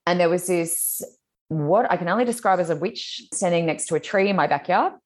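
A woman telling a spooky personal story in casual chat, animated and laughing as she goes. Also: fairly low pitch, a little fast. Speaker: guest, spiritual teacher.

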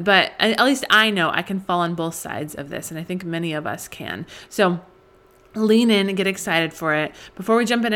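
An earnest young woman hosts a faith-based podcast for mothers, speaking straight to her listeners. Her voice sits at an ordinary mid pitch for a woman. She talks with open feeling and often stops and restarts her sentences. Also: a bit bright. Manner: earnest and emotional, many restarts. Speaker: podcast host.

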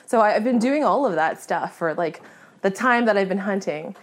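A woman telling a story as a guest in a conversation, animated, laughing often and acting out her own reactions. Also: medium pitch, normal speed. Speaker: guest hunter.

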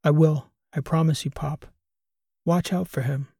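A man voicing a quiet, dutiful grown son who speaks softly and earnestly, in an audiobook reading. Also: fairly high pitch, steady tone, measured pace, creaky, slightly rough, no room sound, clean studio sound, exaggerated voice. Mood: tender.

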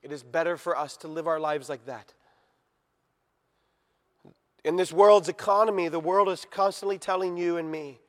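A male pastor preaching a sermon, swinging from hushed, slow lines to loud, shouted passages. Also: fairly high pitch, steady tone, long reverb tail.

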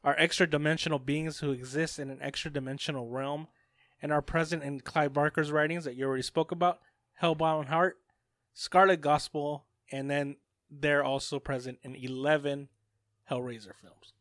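Man, podcast co-host, steady reading, slightly high voice, dry close sound. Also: moderate pace, no echo. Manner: steady, reads facts aloud. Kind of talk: casual chat and reading notes.

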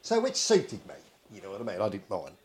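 A man's voice: lowish voice, huge pitch swings, a little fast, darkish tone. A middle-aged man from England telling a story in casual chat, swearing a lot and acting out the people in it. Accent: English. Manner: swears constantly, acts out the people in his story. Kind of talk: casual anecdote.

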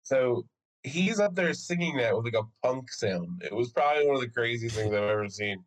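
Poor audio carries a man's medium-pitched voice, moving a little fast. As a podcast co-host, he relates a story in relaxed, profane talk, animated and voicing the quotes of others.

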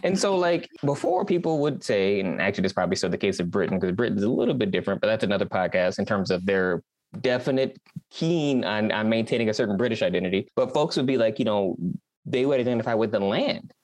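A man's voice: lowish voice, lively intonation, fast talker, darkish tone, dry recording. A man hosting a podcast discussion, talking earnestly and emphatically, often checking in with "right?". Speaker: podcast host. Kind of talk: conversational discussion.

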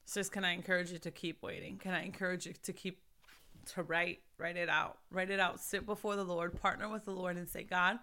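A young woman hosts a faith podcast and speaks straight to her listeners, earnest and encouraging, and she sometimes turns preachy. Her voice is bright and clear, with a smooth, polished tone. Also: fairly low pitch, little pitch movement, brisk. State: recovering from losing her voice. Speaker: podcast host.

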